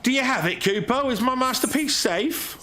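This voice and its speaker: A man's voice: very high voice, expressive, normal speed, bright, forceful tone, faint music behind, voice pushed up, heavily acted. A man voicing a small, vain male moogle artist with a preening, self-admiring manner. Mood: proud.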